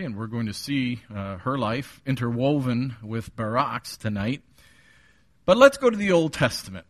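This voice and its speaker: A middle-aged man preaching an evening sermon, earnest and personal, reading scripture slowly and deliberately. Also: mid-range voice, fairly bright tone. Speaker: pastor.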